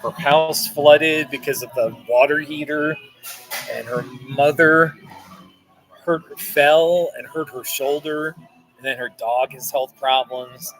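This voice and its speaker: A man's voice: a little high, fairly even intonation, takes it slowly, a bit bright, poor audio. A man hosting a casual livestream from a cafe, rambling and answering viewer comments aloud. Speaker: livestream host. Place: Starbucks cafe, indoors. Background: cafe music.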